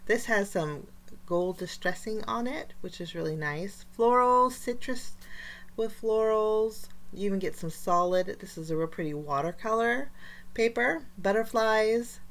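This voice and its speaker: A woman's voice: medium pitch, unhurried, a bit bright. A woman hosting a casual craft unboxing, chatty and enthusiastic, with frequent fillers. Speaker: craft channel host.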